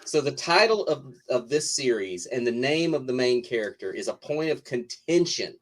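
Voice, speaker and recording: A man's voice: medium pitch, big pitch swings, normal speed. Wry man talking casually as a guest. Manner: wry, joking, rambling with restarts. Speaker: comic book writer, guest. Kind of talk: casual interview chat.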